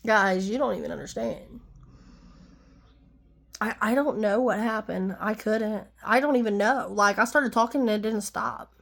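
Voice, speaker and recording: A woman's voice: mid-range voice, moderate pace, creaky, a bit bright. A woman vlogger in a heated, rambling personal monologue, talking emphatically.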